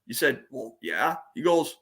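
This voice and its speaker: A man's voice: medium pitch, sing-song, measured pace, a bit bright. A man guesting on a live talk show, chatting casually, rambling and repeating words as he retells stories. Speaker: guest co-host.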